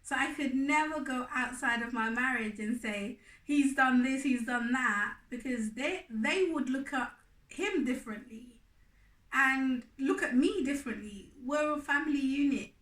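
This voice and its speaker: A woman talking candidly in casual chat about what she has learned in her marriage, getting animated when she acts out old complaints. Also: high voice, normal speed, distant mic. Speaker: wife co-hosting a marriage video. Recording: echoey room, voice a bit off-mic.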